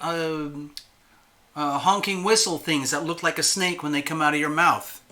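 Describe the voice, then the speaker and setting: A chatty man hosting his own channel, talking straight to his viewers in a loose, playful way. His voice is strikingly bright and sits a little high for a man. He sounds a touch jittery as he keeps things light. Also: steady tone, unhurried. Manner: chatty, playful, self-admittedly nervous. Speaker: tarot channel host. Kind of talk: casual solo livestream talk.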